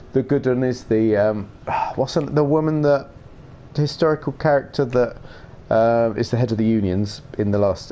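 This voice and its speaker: A man's voice: medium pitch, mellow, a little hiss or hum. A man with a Kentish accent who mumbles a lot, rambling casually while he streams a video game. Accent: Kentish English. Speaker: gaming streamer.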